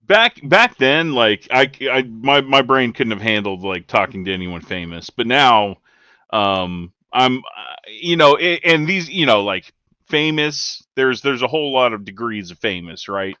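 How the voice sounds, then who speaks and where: A middle-aged man co-hosting a podcast in casual chat, laughing along and answering with quick agreement. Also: mid-range voice, animated, bright, forceful tone, clean tone, no room sound, dull audio. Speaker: podcast co-host.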